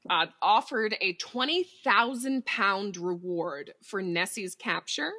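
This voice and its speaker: A woman's voice: mid-range voice, slow pace, hardly any pauses, bright, forceful tone. A woman co-hosting a podcast, telling a story in casual chat, giggly and freely swearing as she reads out quotes.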